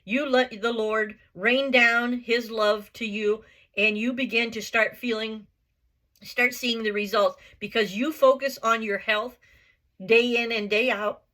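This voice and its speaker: Woman vlogger, higher voice, blunt motivational talk, hammers points home. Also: steady tone, a little slow, sharp tone. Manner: blunt, emphatic, repeats herself; earnest, swears casually. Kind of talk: motivational vlog monologue.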